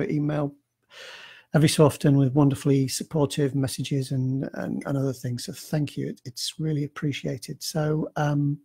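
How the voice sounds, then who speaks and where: A man with a gravelly, husky voice that sits a little high. He rambles in a casual, self-deprecating way, with plenty of fillers and restarts. He talks into a computer mic on a live stream. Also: darkish tone. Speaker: author answering reader emails.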